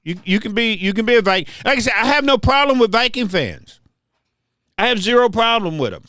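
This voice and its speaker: A man's voice: high voice, very animated, brisk, sharp tone, no room sound, studio quality. An older man hosting a livestream, ranting casually and trash-talking viewers, often repeating his words. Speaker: livestream host.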